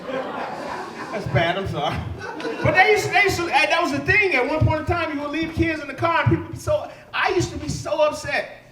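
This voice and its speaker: Young male comic, high pitch, brash profane storyteller, roomy live-club sound with faint hiss. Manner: loud, profane storytelling with shouted punchlines. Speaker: stand-up comedian. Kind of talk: live stand-up set. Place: comedy club stage. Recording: echoey live club room.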